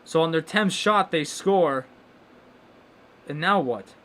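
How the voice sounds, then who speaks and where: Excitable young man calling hockey live. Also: fairly high pitch, slow pace. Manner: excitable play-by-play, bursts of loud exclamations. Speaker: watchalong host. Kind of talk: live hockey watchalong commentary.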